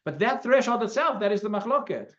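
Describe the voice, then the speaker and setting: A man as a rabbi teaching a class in a synagogue, explaining in an animated way and restarting his sentences often. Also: high-pitched, quick pace. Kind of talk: Talmud class, explaining and debating. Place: synagogue hall. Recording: lo-fi recording.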